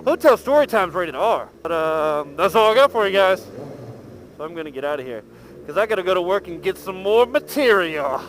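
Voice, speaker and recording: Man, high lively voice, swearing storyteller, helmet mic, faint road noise. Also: fairly quick. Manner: animated, profane, laughing storyteller. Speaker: motovlogger. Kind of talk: casual storytelling vlog. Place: outdoors riding a motorcycle.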